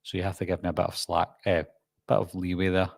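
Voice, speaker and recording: A man's voice: low voice, little pitch movement, quick pace, vocal fry, no room sound, clean studio sound. A Scottish man hosting a live-stream Q&A, chatting in a rambling, self-deprecating way. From Scotland. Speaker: horror channel host.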